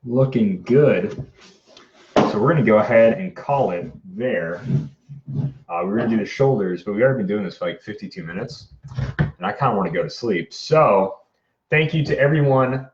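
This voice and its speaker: Low-key monotone man crafting on stream. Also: normal speed. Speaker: prop-making livestream host. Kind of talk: casual livestream chat while crafting. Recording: roomy, dull lo-fi sound.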